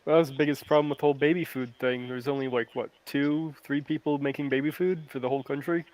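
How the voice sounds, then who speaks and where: A man's voice: medium pitch, steady tone, fast talker, a little mellow, no echo, rough recording. Man, easygoing podcast panelist, plain matter-of-fact delivery. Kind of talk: casual chat.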